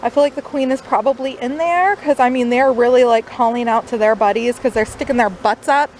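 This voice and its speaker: A chatty woman talks through her beekeeping on a camera mic outdoors. Her voice sits a little high, with lots of easy fillers. Faint insect buzzing and outdoor noise run behind her. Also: a little fast, a little mellow. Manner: chatty, upbeat, uses many fillers. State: out of breath. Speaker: new beekeeper. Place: outdoors by beehives.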